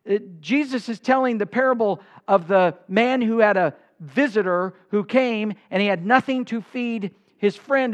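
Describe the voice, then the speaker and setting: High-voiced man preaching a sermon. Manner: impassioned preaching, quoting scripture in old-style wording. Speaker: pastor.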